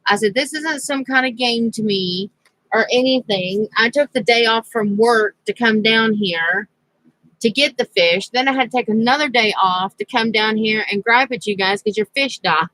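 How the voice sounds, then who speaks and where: A woman's voice: a little high, moderate pace, a bit bright, no room sound, rough recording. A woman vlogger telling a rambling personal story in a casual, chatty way, laughing now and then. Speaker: crafting vlogger.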